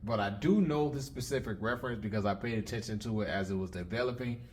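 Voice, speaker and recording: A man's voice: lowish voice, fast talker, a little hiss or hum. A man hosting a lyric breakdown channel, talking in a casual, methodical way and explaining step by step with frequent restarts.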